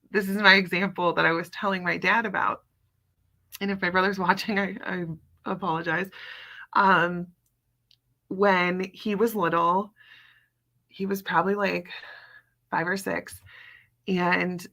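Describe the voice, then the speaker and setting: Woman, thirties, host, casual chat, bright voice, chatty, storytelling. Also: on the low side. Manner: chatty, storytelling, many fillers. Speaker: podcast host.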